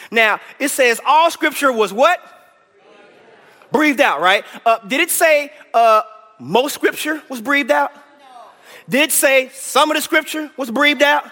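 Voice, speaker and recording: Measured in pace, his very high-pitched voice pushed and bright, a man preaches a Bible class lesson inside an echoey church hall. He's enthusiastic, eagerly prompting the congregation to respond aloud.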